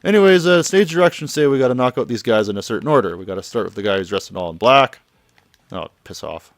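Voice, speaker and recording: A man's voice: medium pitch, animated, fast, no room sound. A man giving offhand, rambling commentary over gameplay, translating the dialogue as he goes. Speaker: let's play commentator.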